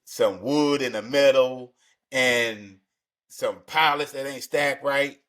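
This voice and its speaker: A man's voice: medium pitch, slow, fairly bright tone. A male podcast host in a mid-range voice, chatting loosely with his guest. He talks in easy slang and circles back on his words while he thinks, like an old shipmate catching up. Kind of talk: casual interview chat.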